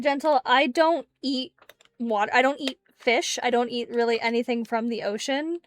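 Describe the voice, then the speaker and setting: A woman's voice: a little high, normal speed, a bit bright, a little hiss or hum. Laughing woman telling rambling stories. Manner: rambling anecdotes with frequent laughs. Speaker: tabletop game player. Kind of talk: casual chat before a game. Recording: dry close mic, faint music behind.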